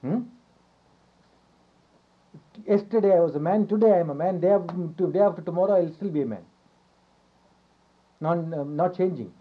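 A man giving a yoga philosophy lecture, repeating his phrases, asking rhetorical questions and chuckling softly now and then. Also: high voice, moderate pace, pauses often. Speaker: yoga teacher. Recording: dull lo-fi recording.

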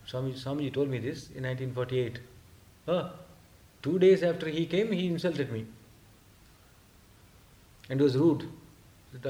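An older man recounting memories of his teacher in a spoken talk, hesitant, with frequent fillers, and animated when he quotes others. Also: mid-range voice, a little slow, pauses often. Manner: hesitant storytelling with many fillers, acting out quoted speech. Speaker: speaker recounting memories of a guru.

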